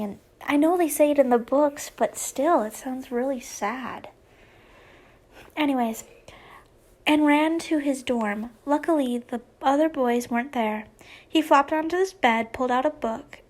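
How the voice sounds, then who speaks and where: A woman's voice: high voice, a little mellow. A young woman casually reading fan fiction aloud, giggling and breaking off into chatty asides. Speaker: fanfiction reader and channel host.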